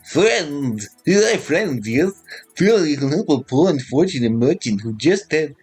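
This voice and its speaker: Man doing meek game merchant, pleading and overly polite, raised pitch, animated. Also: unhurried, slightly rough, faint music behind. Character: meek unfortunate male merchant.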